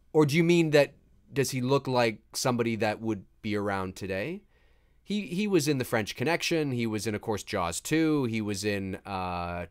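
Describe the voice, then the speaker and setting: A man hosting a live movie commentary, talking casually and excitedly and swearing freely as he reacts to the film and reads out viewer chat. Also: medium pitch.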